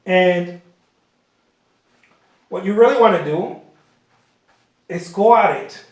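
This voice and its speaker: A man's voice: high voice, slow pace, a little mellow. A man teaching painting in a casual, rambling way, often repeating himself and saying "you know" while he works. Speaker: painting instructor. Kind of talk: casual talk during painting session. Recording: very echoey room.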